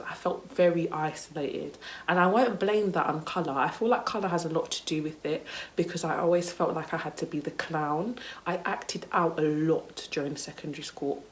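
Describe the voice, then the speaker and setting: A woman's voice: deep voice, a little hiss or hum. A young woman vlogging a casual story time, candid and chatty, with lots of "like" and "you know" and some swearing. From United Kingdom.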